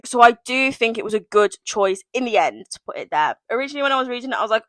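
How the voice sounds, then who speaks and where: Casual book reviewer, twenties, rambling and giggly, dry close mic. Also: female voice, a little high, expressive, brisk, few pauses, fairly bright tone, no room sound. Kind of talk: casual book review reading excerpts aloud.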